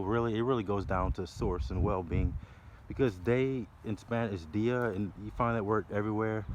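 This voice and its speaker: Lowish guy walking around outside talking wordplay stuff, laughs a lot, cars going by faintly. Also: a little mellow, slight background noise. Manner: free-associating, playful, laughs often. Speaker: vlogger. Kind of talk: rambling walk-and-talk wordplay musings. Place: outdoors by a library building near traffic. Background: passing cars and city sounds.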